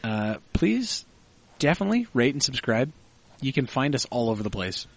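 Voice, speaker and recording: A man's voice: medium pitch, big pitch swings, moderate pace, vocal fry. Joking male podcast host. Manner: joking, loose, reads sign-off and disclaimer. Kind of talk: casual chat.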